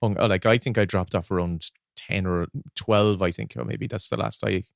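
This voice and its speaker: A man's voice: fairly low pitch, normal speed, creaky, no room sound, clean studio sound. A man co-hosting a podcast, telling stories with lots of laughing during casual chat about films. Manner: laughs often, animated storytelling. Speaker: podcast co-host.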